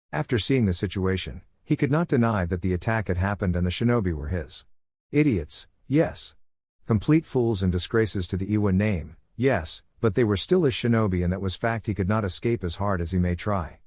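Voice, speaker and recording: Low-voiced male fan fiction narrator. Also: a little mellow, no echo, clean studio sound. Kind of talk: fan fiction read-aloud.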